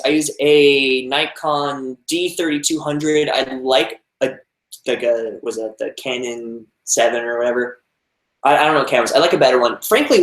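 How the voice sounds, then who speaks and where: A young American man reads viewer comments and answers them in a rambling, casual live-stream chat, full of fillers and restarts. His mid-range voice is a bit bright, and the recording has a roomy echo.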